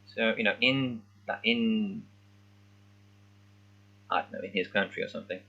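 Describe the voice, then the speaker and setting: A man with a lowish, bright, forward voice talks slowly through a read-along. He thinks aloud and sounds out unfamiliar words haltingly. The recording is somewhat dull and lo-fi. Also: gravelly. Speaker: language learner. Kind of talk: casual read-along commentary.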